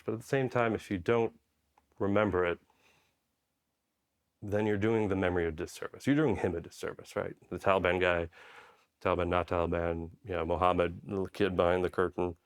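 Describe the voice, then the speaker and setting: Middle-aged man, low voice, casual storytelling, keeps asking "right?". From Poland. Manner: conversational, frequent "right?" and "you know" tags. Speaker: guest, army special forces medic. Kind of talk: interview storytelling.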